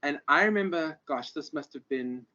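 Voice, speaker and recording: A man's voice: on the high side, lively intonation, moderate pace, sharp tone. A man giving an online lecture, rambling with many ums and restarts over a video call. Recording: muffled lo-fi audio.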